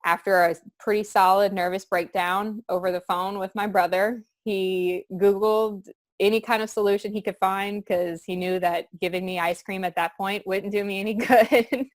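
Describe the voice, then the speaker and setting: A young woman speaks with earnest, heartfelt feeling, her thoughts rambling as she goes. Her voice sits at a middle pitch. The recording is close and dry, with no room sound. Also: steady tone, moderate pace, dry recording. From southern Louisiana. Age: young adult. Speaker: student giving a testimonial. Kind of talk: candid testimonial chat.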